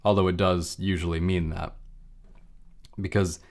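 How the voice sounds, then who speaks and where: A man's voice: low-pitched, level tone, unhurried, darkish tone. Man explaining with everyday examples. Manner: conversational, uses made-up everyday examples. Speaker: lecturer on emotions. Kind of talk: casual explanatory talk.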